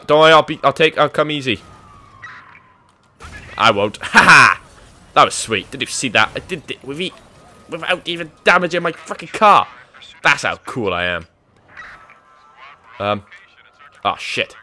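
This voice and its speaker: A man's voice: a little high, bright, forceful tone. A young man giving crude, joking commentary over a video game, swearing often. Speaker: gaming YouTuber.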